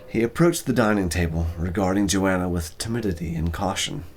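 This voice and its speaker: Man, lowish voice, ASMR story reading, weary, apologetic, trips on words. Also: animated, brisk, darkish tone, soft background music. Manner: apologetic, tired, stumbles over words. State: exhausted.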